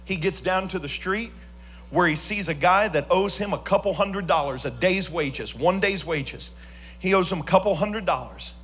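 Male pastor, sermon delivery, high-pitched and bright, builds to sung climaxes. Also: normal speed, slight background noise. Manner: preaching with rising sung emphasis. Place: church.

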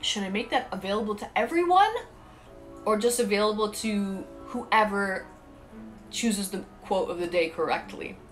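A woman's voice: mid-range voice, moderate pace, soft background music. A woman streaming live, chatting casually and talking straight to her viewers. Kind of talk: casual livestream chat.

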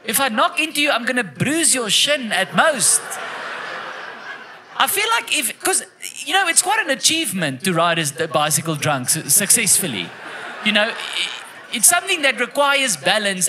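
A young South African man performing an animated stand-up comedy routine on a comedy club stage, telling stories and shouting at times. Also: high voice. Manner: animated, storytelling with bursts of shouting.

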